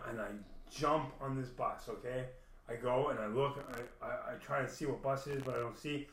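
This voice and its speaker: A man's voice: mid-range voice, a bit bright. A man telling a long profane story in a rambling, casual way, acting out the dialogue. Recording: echoey room, mic at a distance.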